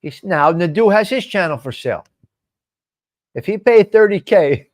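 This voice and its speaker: A man's voice: high voice, animated, moderate pace, pauses often. A man hosting a live stream show, chatting casually and answering viewer comments by name in a rambling, swearing way.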